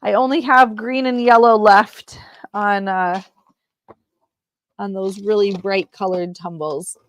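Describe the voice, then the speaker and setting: Slow, chatty woman selling crystals live. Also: mid-range voice, fairly even intonation. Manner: chatty, unhurried, many ums. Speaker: crystal seller hosting a live sale. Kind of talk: casual live-sale chat. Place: at home.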